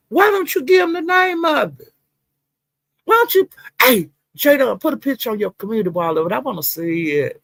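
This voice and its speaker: A woman hosting a casual livestream, chatting and laughing, greeting viewers by name with drawn-out exclamations. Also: medium pitch, gravelly, no echo. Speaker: livestream host.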